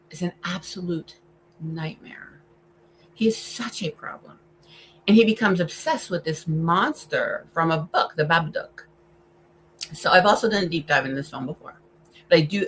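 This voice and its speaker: Low-voiced woman talking horror films. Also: normal speed, a little hiss or hum, low-quality recording. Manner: enthusiastic, emphatic, shifts between loud and hushed. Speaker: horror film vlogger. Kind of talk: casual film commentary.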